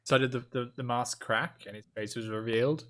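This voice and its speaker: A man's voice: medium pitch, steady tone, fairly quick, a bit bright. A man co-hosting a gaming podcast in casual chat, dropping short questions and remarks over a distant voice chat line.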